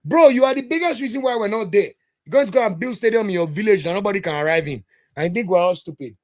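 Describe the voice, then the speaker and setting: A football podcast host in full rant mode, his voice sitting noticeably high for a man. He talks straight to his live chat with blunt, heated conviction and a preacher-like rhythm. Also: animated, fast talker, darkish tone. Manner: passionate, blunt, addresses chat directly; sermon-like delivery. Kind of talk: live watch-along commentary and rant.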